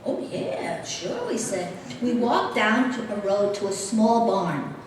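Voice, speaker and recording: A middle-aged woman giving a speech as a guest speaker, telling a personal story with lively, animated delivery. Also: mid-range voice, slow pace, slight background noise. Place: large convention hall. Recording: echoey hall heard from far off.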